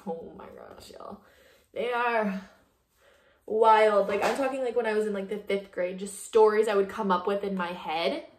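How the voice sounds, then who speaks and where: A woman's voice: mid-range voice, normal speed, slight background noise. Chatty young woman in an echoey room. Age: young adult. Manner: chatty, talks to viewers while tidying. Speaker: lifestyle vlogger. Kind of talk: casual cleaning vlog chat. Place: home, bathroom and closet.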